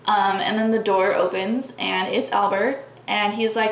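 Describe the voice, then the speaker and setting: A woman's voice: mid-range voice, little pitch movement, a little slow, creaky, few pauses. Earnest woman vlogger in echoey room. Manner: earnest, talks with frequent "like" fillers. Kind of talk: personal storytelling to camera. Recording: echoey room with faint background hum.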